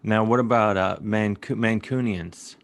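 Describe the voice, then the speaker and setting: A man from suburban Cleveland hosts a relaxed comedic interview over a video call, asking his questions in a playful, goofy manner. His voice sits fairly low. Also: a little slow, a little hiss or hum. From suburban Cleveland, USA. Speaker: talk show host.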